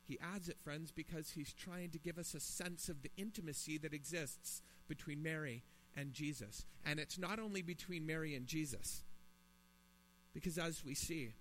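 A man's voice: on the high side, a bit bright. A man preaching a sermon in his thirties or forties, earnest and building to emphatic pleas. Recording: long reverb in a hall, mains hum.

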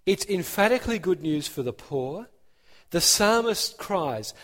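A man preaching a sermon, emphatic and animated, building his points with rising emphasis. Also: sits high, unhurried, in a large hall.

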